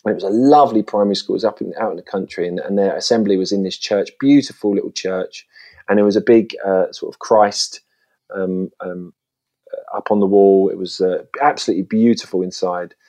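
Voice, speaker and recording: A man, a guest chatting casually and acting out lively voices in his stories. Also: low-pitched, fairly quick. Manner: chatty storytelling, lively voices when quoting. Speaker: guest, children's TV presenter. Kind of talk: casual interview chat.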